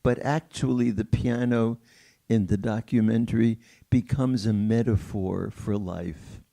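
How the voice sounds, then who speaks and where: Slow gravelly older man telling stories. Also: lowish voice, steady tone. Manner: slow, warm storytelling with laughter and quoted voices. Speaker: pianist at a Q&A. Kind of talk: storytelling at a film Q&A. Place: theater.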